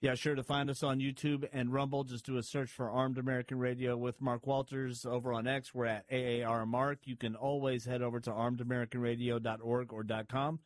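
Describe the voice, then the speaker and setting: Flat, matter-of-fact radio co-host man. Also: mid-range voice, a little fast, hardly any pauses, dry recording. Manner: matter-of-fact, even delivery. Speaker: radio show producer/co-host. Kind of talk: reading show announcements.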